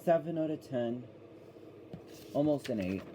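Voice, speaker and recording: A man's voice: medium pitch, lively intonation, unhurried, warm tone, a little hiss or hum, poor audio. A man giving a casual, rambling review of a children's cartoon, often correcting himself as he goes.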